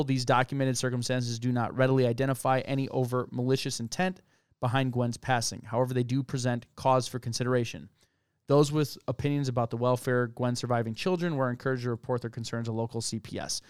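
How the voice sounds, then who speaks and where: Smooth-voiced man on a dry close mic. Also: medium pitch, fairly even intonation, fast talker, no echo. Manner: conversational, reads from case documents, thinks aloud. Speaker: podcast co-host. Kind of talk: casual true-crime discussion.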